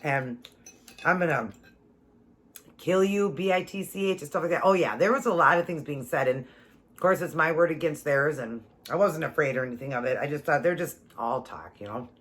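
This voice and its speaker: A woman vlogger telling a personal story to her viewers in a casual, animated and emphatic way. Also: low-pitched, brisk.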